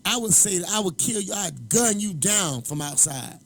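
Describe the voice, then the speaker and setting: A man's voice: high-pitched, lively intonation, normal speed, fairly bright tone, slight background noise. A man, a former boxer, telling profane stories in a casual chat, laughing often. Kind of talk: casual storytelling.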